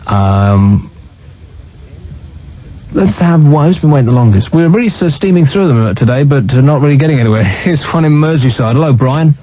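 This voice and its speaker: A man's voice: medium pitch, lively intonation, a little fast. A man hosting a radio phone-in, dry and teasing with callers. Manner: dry, teasing, mock-sorrowful. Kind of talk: late-night talk radio phone-in. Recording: muffled radio broadcast audio.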